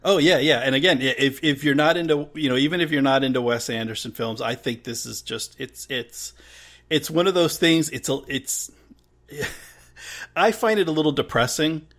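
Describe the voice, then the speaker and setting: A man's voice: mid-range voice, a bit bright. A man hosting a podcast, talking casually with frequent stammered restarts. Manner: halting, stammering restarts, friendly sign-off. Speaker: podcast host.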